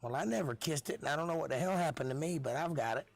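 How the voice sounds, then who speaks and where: A hoarse man hosting a live stream, chatting in a rambling, offhand and jokey way, with the odd cough. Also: on the high side, fast talker. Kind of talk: casual rambling chat.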